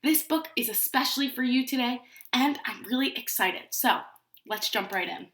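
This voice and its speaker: Woman, preschool teacher, storybook read-aloud, asks kids questions, highish voice, echoey room. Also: moderate pace. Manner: animated, asking children questions. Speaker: pre-K teacher. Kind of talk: reading a picture book aloud to young children.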